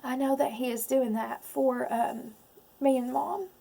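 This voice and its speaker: Woman, 30s, personal vlogger, tearful and halting, slightly high, fry-heavy voice. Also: fairly even intonation, mellow. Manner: tearful, halting, many pauses and ums. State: close to crying. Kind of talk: emotional personal vlog.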